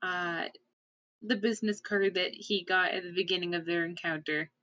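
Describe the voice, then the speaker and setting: A woman's voice: lowish voice, fairly even intonation, normal speed, pushed and bright, no echo. A woman narrating her character's actions in a tabletop role-play, hesitant and full of fillers. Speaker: tabletop player. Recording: dull lo-fi dry audio.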